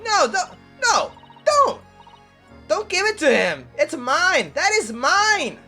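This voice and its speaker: A man voicing a feisty young girl pickpocket in a detective game, shrill and indignant. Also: huge pitch swings, normal speed, fairly bright tone, breathy edge, faint music behind, heavily acted. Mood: protesting.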